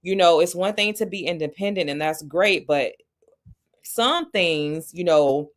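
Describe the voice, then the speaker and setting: A woman's voice: lowish voice, unhurried. A woman hosting a podcast interview, earnest and reflective, repeating herself as she thinks. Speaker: podcast host. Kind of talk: interview conversation.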